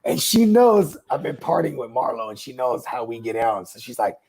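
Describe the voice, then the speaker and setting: A man's voice: medium pitch, very animated, normal speed, gravelly, a little mellow. A young man casually telling a long, rambling story, swearing and laughing along the way. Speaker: podcast host.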